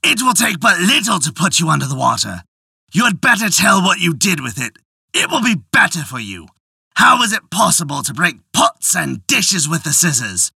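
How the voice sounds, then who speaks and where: A storyteller voicing an exasperated husband who questions his wife slowly and forcefully. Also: medium pitch, very animated, creaky, husky, no room sound, clean studio sound, heavily acted. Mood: angry. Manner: slow, forceful, demanding. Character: angry exasperated husband, tailor. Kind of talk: storytelling voice acting.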